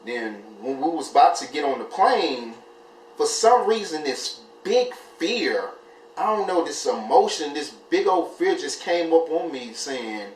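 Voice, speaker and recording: A man vlogging, telling a personal story, and he jumps up in pitch when he acts out his own panic. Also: animated, normal speed. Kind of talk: casual storytelling. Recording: echoey room, mic at a distance, faint hiss.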